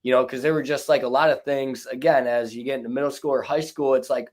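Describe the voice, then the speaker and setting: A young man with a mid-pitched voice chats loosely as a podcast guest. His speech is full of "like" and "you know" and catches now and then on a mild stutter. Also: fairly even intonation, fast, few pauses. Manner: stutters at times; rambling, filler-heavy. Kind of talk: casual conversation.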